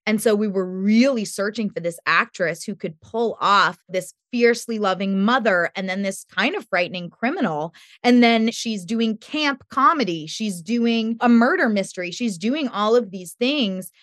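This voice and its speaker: A woman guest on a podcast interview, telling lively stories about making her show and laughing often. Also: medium pitch, moderate pace, hardly any pauses, dry recording, studio quality. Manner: animated storytelling, laughs often.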